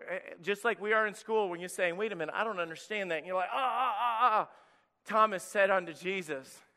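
Pastor type, male, high and bright, lively preaching, long reverb. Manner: energetic, preachy, drops to a hush for emphasis. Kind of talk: children's sermon.

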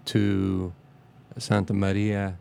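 A man reminiscing in a casual interview, speaking haltingly with many restarts and fillers and a reverent tone. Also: sits low, completely flat delivery, creaky, mellow, a little hiss or hum.

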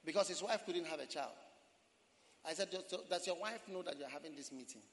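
A man preaching a sermon as pastor, quoting scripture and breaking into dramatic shouts. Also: a little high, a little fast. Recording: long hall reverb.

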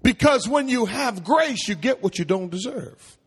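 A man's voice: very high-pitched, lively intonation, a little slow, fairly bright tone, slightly rough. A man preaching a call-and-response sermon in a church, calling questions to the congregation for them to answer. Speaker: pastor. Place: church sanctuary. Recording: long hall reverb.

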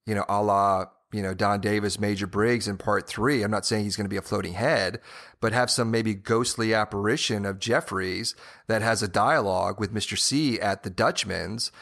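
A man's voice: lowish voice, fairly even intonation, moderate pace, gravelly, a bit bright. A man co-hosting a podcast, talking casually and at length about a TV series, with many "you know"s and small restarts. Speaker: podcast co-host. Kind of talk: casual TV-show discussion.

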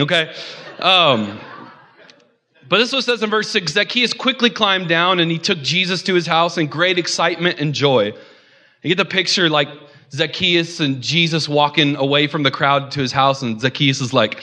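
A young male pastor gives a casual, joking sermon and keeps calling out to the congregation. His voice sits a little high and rings bright and forceful. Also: expressive, moderate pace. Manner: joking, chatty, audience call-outs. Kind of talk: conversational sermon.

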